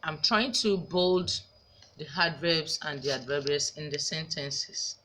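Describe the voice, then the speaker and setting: A Nigerian woman teacher with a low voice gives a recorded grammar lesson, repeating each example sentence slowly, with background noise present.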